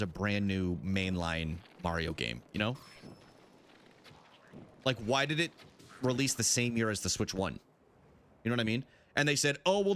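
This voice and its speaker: Lively-voiced man streaming a game. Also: medium pitch, a little hiss or hum. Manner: chatty, answers chat, swears freely. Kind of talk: casual live-stream chat while gaming.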